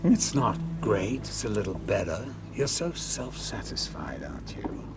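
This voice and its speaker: Satan, deep and menacing. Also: male voice, sing-song, measured pace, distant mic, over music. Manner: cold, menacing, drops to a whisper. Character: Satan, a smug scheming male devil on trial.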